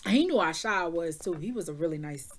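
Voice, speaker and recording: A woman's voice: on the low side, expressive, fast talker. Woman tarot reader, casual storytelling, candid and emotional, swears freely.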